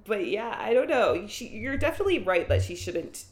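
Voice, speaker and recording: A woman's voice: mid-range voice, sing-song, moderate pace. A woman co-hosting a podcast, chatting casually with giggly, playful teasing. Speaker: podcast co-host. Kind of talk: casual recap chat.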